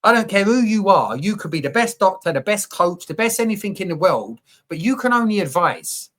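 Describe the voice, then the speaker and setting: A man telling his story in a candid conversation, open and animated, full of slang and the odd swear. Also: high voice, brisk. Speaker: podcast guest, coach.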